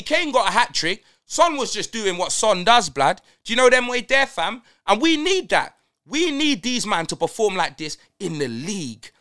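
A young man with a London accent, ranting casually about his football team in heavy slang. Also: sits high. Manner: animated slang-heavy rant, constant fillers. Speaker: football fan vlogger. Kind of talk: casual fan reaction rant.

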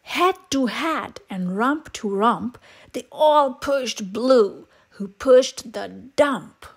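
A woman reading a children's picture book aloud, expressive and sing-song in her delivery. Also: a little high, very slow, breathy edge. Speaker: storyteller. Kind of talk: children's read-aloud storytime.

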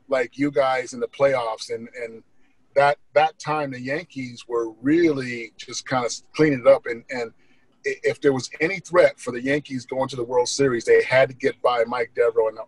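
A male comedian guest telling funny stories on a podcast, lively and acting out the people in them. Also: mid-range voice, no echo, poor audio. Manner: lively, laughing, acts out voices. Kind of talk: animated storytelling.

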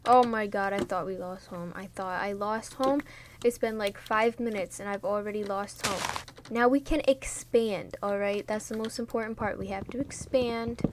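A woman's voice: mid-range voice, steady tone, moderate pace, noisy background. A young woman from New York casually chatting and joking while playing a video game, full of fillers, laughs and sudden startles. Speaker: gaming vlogger. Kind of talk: casual gameplay commentary.

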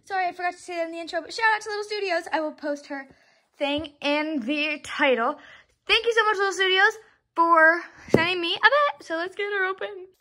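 A young woman unboxing a doll for her vlog, gushing and squealing with excitement and repeating exclamations. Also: very high-pitched, fairly quick. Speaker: doll collector vlogger.

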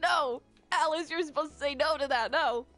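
A woman playing a game roleplay in casual chat, laughing often and protesting with rapid repeated no's. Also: sits high, fairly bright tone. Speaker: player narrating a game roleplay.

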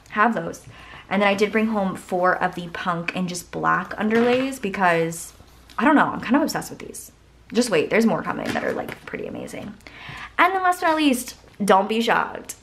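A woman's voice: medium pitch, vocal fry, a little hiss or hum. A young woman vlogging a haul in a casual, gushing way, her voice worn out. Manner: gushing, excitable, lots of "like" and "obsessed".

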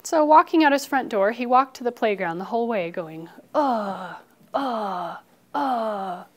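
A woman teacher telling a phonics story to children, expressive and coaxing them to repeat after her. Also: fairly high pitch, brisk.

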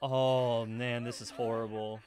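A man casually reacting to an anime episode, excitable, swearing and laughing often as he talks. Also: mid-range voice, measured pace.

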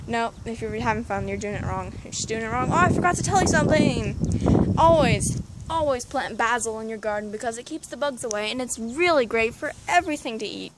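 A woman giving a casual, sarcastic garden tour outdoors in her backyard, with deadpan asides. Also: fairly high pitch, fairly quick, heavy background noise. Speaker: vlogger. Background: neighbor's dog barking.

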